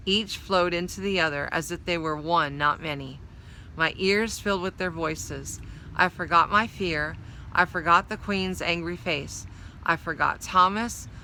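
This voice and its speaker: A woman reading a children's novel aloud, telling the story in a measured, expressive first-person voice. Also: lowish voice, slight background noise, rough recording. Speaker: storybook reader.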